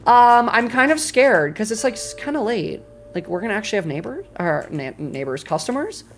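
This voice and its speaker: A woman streaming a cooking game, excitable and foul-mouthed, talking to her chat and flaring into loud exclamations when flustered. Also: mid-range voice, a little fast, faint music behind. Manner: excitable, swears a lot, talks to chat. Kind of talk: live gameplay commentary.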